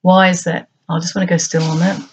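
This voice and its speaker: A middle-aged woman hosting her own channel, musing aloud in a reflective monologue of short, halting phrases. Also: lowish voice, level tone, slight background noise. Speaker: channel host.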